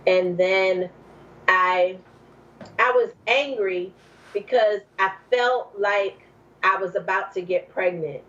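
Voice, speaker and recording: Animated woman telling her story. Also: on the low side, dull audio. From New Jersey. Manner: animated, acts out quoted speech, many fillers. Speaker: podcast guest. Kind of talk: personal storytelling.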